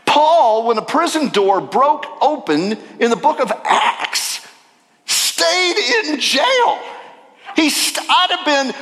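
A male pastor preaching a sermon in an animated way, breaking into acted-out voices and jokes. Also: very high voice, slow pace, long reverb tail.

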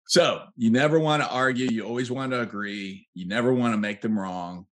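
A man's voice: medium pitch, a little fast, a bit bright. A man coaching real estate agents, who acts out sample sales lines and laughs at his own examples.

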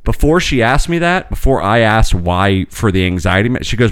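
A man's voice: fairly low pitch, big pitch swings, moderate pace, hardly any pauses, smooth. A man on a podcast telling a long, rambling story with lots of restarts and swearing, acting out the people in it. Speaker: podcast co-host. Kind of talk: casual storytelling chat.

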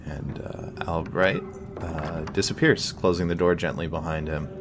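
Deep-voiced game master, halting narration. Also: male voice, steady tone, vocal fry, background noise. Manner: halting, many fillers.

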